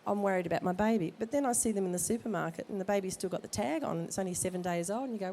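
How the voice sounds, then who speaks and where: A woman's voice: medium pitch, rapid-fire, hardly any pauses, warm tone, slight background noise. A woman who has a cold, a midwife giving jokey, direct advice to expectant parents at an expo. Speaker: midwife speaker at a baby expo. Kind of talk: informal talk to expectant parents. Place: expo hall.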